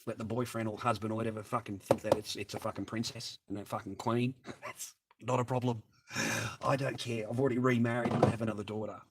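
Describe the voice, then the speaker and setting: A man's voice: on the low side, little pitch movement, fast, very noisy. An Australian man chatting crudely on a livestream, swearing heavily and laughing often as he talks. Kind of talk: crude rambling livestream chat.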